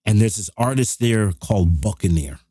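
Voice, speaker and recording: A man's voice: fairly low pitch, normal speed, husky, dry recording. Middle-aged guy hosting a live stream, swearing through a story, dry close mic. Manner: profane, animated street storytelling. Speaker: live show host. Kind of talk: casual storytelling.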